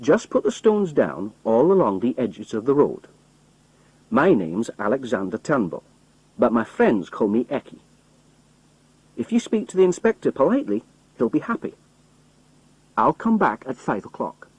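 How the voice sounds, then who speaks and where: A man voicing an easygoing roadman who gives friendly instructions, with a husky voice. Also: mid-range voice, sing-song, normal speed, pauses often, a little mellow, no echo, low-quality recording. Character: friendly Scottish roadman, older working man.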